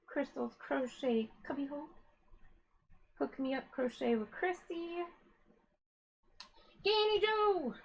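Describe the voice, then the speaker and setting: A woman hosts a live yarn-dyeing stream, chatting slowly and casually as she greets her viewers one by one. Her voice sits a little high and she sounds a bit short of breath. The audio is dull and lo-fi. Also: vocal fry, a little mellow. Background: a dog whining now and then.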